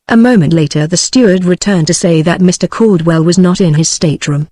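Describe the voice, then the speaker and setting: A text-to-speech woman's voice with a British accent, reading a novel aloud in a steady, even way. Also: fairly low pitch, fairly quick, few pauses, no echo. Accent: British English. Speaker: audiobook narrator.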